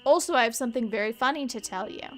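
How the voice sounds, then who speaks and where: A woman's voice: fairly high pitch, fast, a bit bright, soft background music. A woman streaming a mystery game, chatting casually and rambling in asides to her viewers. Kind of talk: casual let's-play chat.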